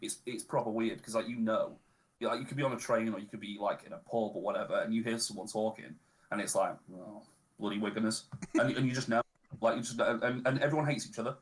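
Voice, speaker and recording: A man with a Lancashire accent chatting as a guest on a stream, easygoing and relaxed, dropping local slang. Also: fairly low pitch, fast. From Northern England. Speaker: podcast guest. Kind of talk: casual chat on a charity stream.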